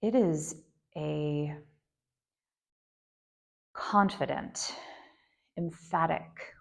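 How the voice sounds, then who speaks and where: A woman guides a yoga nidra meditation at a very slow pace. Her voice sits fairly low with a gravelly, creaky texture. She speaks gently and without hurry, pausing on fillers and soft asides as she instructs.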